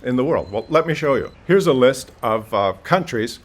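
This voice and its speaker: A man's voice: mid-range voice, expressive, moderate pace. A man giving video commentary, indignant and explanatory, talking straight to the viewer.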